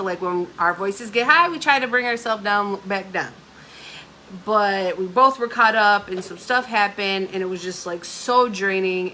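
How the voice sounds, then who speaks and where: A woman's voice: on the high side, sharp tone, a little hiss or hum. A middle-aged woman host casually telling a candid, emotional story, rambling with many fillers. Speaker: host of a live talk stream.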